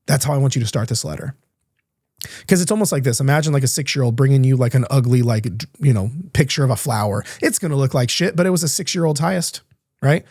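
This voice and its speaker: A man's voice: mid-range voice, fast, a little mellow, no room sound, clean studio sound. A young adult man hosting a podcast, talking candidly and earnestly in a casual coaching monologue, swearing now and then. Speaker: podcast host.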